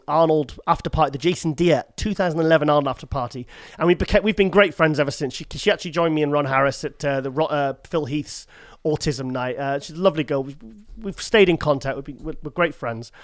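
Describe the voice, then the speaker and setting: A man's voice: on the high side, no room sound. A British man, a guest on an interview show, telling a rambling story and acting out the quoted lines. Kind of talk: casual storytelling.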